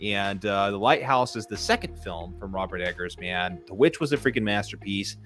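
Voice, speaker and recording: A man's voice: fairly low pitch, lively intonation, normal speed, fairly bright tone, faint music behind. A man co-hosting a casual movie review chat, enthusiastic and loose, peppering his talk with "freaking" and "man.". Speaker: podcast co-host.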